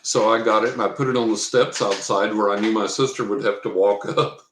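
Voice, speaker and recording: Male interview guest, low-ish voice, loose storyteller, roomy echo. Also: fairly even intonation, fairly quick, fairly bright tone, a little hiss or hum. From Texas. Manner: rambling storyteller, acts out quotes. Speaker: guest, professional psychic reader. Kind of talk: telling a personal story in an interview.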